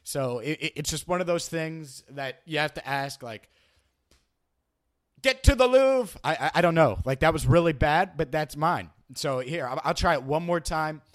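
A man's voice: fairly high pitch, moderate pace, few pauses. A young man hosting a casual sports podcast, chatty and self-deprecating, often stumbling and repeating words. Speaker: podcast host.

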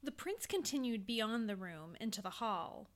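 A woman narrating a spooky fiction episode in a measured, suspenseful storytelling manner. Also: fairly high pitch, animated.

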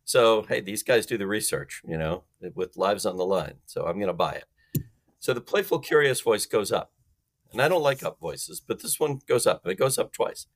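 Man, low voice, lively pitch, emphatic guest on a podcast, acts out calls. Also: moderate pace. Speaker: sales expert guest. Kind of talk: animated podcast explanation.

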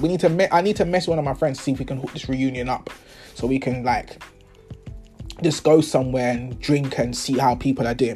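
With a mellow, slightly high voice, a young man hosts a podcast and spins a casual storytelling monologue. He uses slang, swears, and acts out the characters in his tales.

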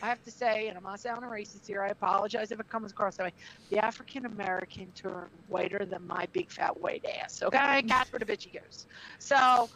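A woman's voice: medium pitch, brisk, slight background noise. A brash middle-aged woman, a former wrestler and trainer, telling stories in a casual interview with plenty of swearing. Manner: brash, profane, animated. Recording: dull lo-fi audio.

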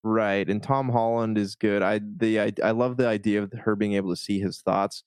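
A man co-hosting a casual movie discussion, hedging and thinking out loud as he talks. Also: on the low side, fairly even intonation, moderate pace, a little hiss or hum.

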